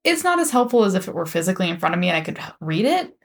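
A woman's voice: lowish voice, very animated, rapid-fire. A woman co-hosting a casual podcast chat, making dry joking asides. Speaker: podcast co-host.

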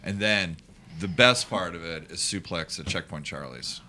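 A man with a very deep voice with a bright edge. He talks in an easygoing, enthusiastic way as a podcast guest, with faint room ambience behind him. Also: moderate pace, slight background noise.

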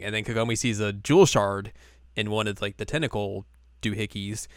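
Casual co-host, male, smooth and resonant, dry close sound, jokey recap delivery. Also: on the low side, dry recording. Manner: laid-back, joking, acts out characters in quick asides. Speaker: podcast co-host. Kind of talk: casual anime recap chat.

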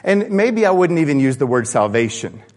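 A man preaching a sermon in a church, animated and acting out the voices of the people he quotes. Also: fairly high pitch, moderate pace. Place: church sanctuary. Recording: long church-hall reverb.

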